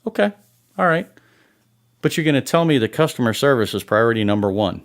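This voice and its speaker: A man's voice: medium pitch, lively intonation, a little fast. Sarcastic swearing man ranting. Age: adult. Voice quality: sarcastic, exasperated, heavy swearing. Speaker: podcast host. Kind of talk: profane comedic rant.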